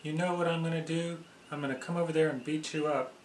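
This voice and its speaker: A man's voice: on the high side, measured pace, fairly bright tone, slight background noise. Man reading a playful quirky man, easygoing, echoey room. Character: quirky man writing and eating ice cream.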